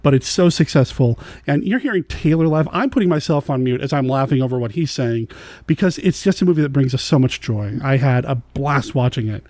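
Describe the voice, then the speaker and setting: A man co-hosting a podcast, speaking in a measured way about a film and addressing listeners directly. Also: medium pitch, expressive, darkish tone, dry recording. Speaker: podcast co-host. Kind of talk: casual film discussion.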